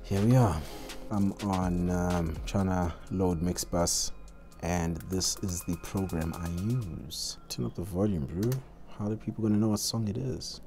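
A man's voice: sits low, measured pace, dark tone. A South African man, an independent hip hop artist, chatting candidly and rambling in a casual vlog recorded on a cell phone at home. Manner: rambling, candid and self-deprecating. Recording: music playing in the background.

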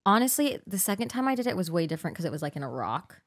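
A young woman co-hosting a casual chat podcast. She tells a story in an animated way and acts out every quote with sudden jumps in loudness. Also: on the low side, racing. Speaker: podcast co-host.

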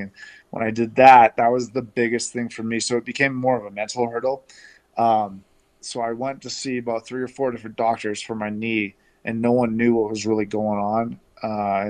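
A man from Canada telling stories as an interview guest over a video call, relaxed and chatty with lots of fillers and restarts. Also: on the low side. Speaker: interview guest, former pro baseball player.

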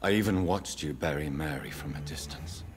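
An actor playing a grave, restrained young doctor who has become a vampire, in a video game. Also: male voice, rumbling low, normal speed, noisy background. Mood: solemn. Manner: solemn, restrained.

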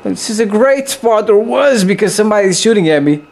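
A young man giving loose, excitable gameplay commentary, swearing freely and jumping into high yelps. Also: brisk, creaky.

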